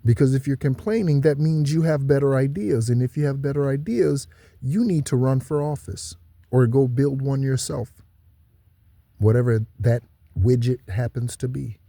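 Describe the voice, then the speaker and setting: A man with a mellow, mid-range voice, recorded dry, hosts a spiritual channel and speaks alone to his viewers. His monologue is preachy, repeating and stressing points, with slow, stressed asides.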